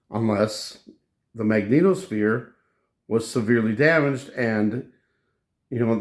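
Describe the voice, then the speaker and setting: A man hosting his own channel, recounting a dream in a slow, halting casual monologue with many restarts. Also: mid-range voice. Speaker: channel host.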